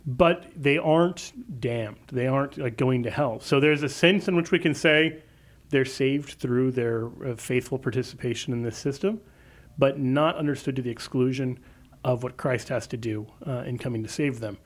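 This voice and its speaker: A man from the Kansas City area, a guest apologist in a radio studio, answering callers with fluent explanations. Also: mid-range voice. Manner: fluent explanatory, quick bursts.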